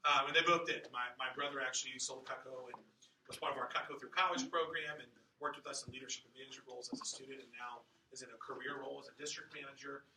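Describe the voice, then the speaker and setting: Energetic man giving a sales training talk. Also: mid-range voice, fast talker, slight background noise. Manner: energetic, rhetorical questions to the room. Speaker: sales office manager. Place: room with audience. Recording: echoey room, mic at a distance.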